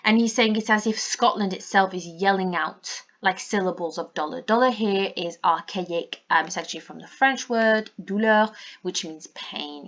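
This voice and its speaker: A woman's voice: fairly low pitch, fairly bright tone. A woman English teacher, explaining a play for exam revision, with frequent fillers. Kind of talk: revision lesson, annotating a play. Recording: dull lo-fi recording.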